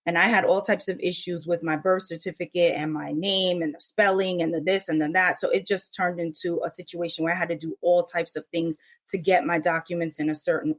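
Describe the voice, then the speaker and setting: A woman born in the United States, a podcast guest telling her story with animated energy. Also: on the low side. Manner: animated, mimics others' voices in quotes. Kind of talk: casual podcast interview.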